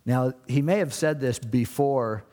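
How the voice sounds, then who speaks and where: A pastor preaching a casual, conversational sermon, explaining scripture and acting out the people in the story. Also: male voice, medium pitch, a little slow, warm tone, big-room sound.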